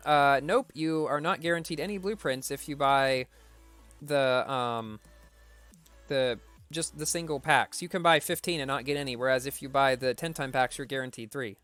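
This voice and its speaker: A man's voice: a little high, normal speed, fairly bright tone, soft background music. A man streaming a racing game, reading viewer questions aloud and answering them briefly in a casual tone.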